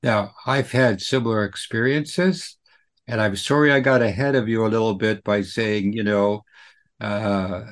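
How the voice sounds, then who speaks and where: A man's voice: on the low side, fairly even intonation, a little slow. A man hosting an interview who affirms his guest and shares a story of his own. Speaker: host. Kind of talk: conversational interview.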